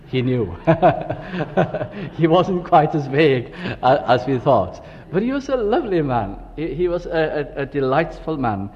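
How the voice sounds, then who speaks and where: A man's voice: on the high side, big pitch swings, moderate pace, darkish tone, a little hiss or hum. An older man preaching a sermon, reflective and full of storytelling asides. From Wales. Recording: dull recording with long hall reverb.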